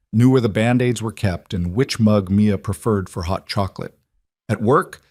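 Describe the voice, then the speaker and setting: Brief: calm male storyteller, low voice, close and dry sound. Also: no room sound. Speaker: narrator. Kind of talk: scripted story narration.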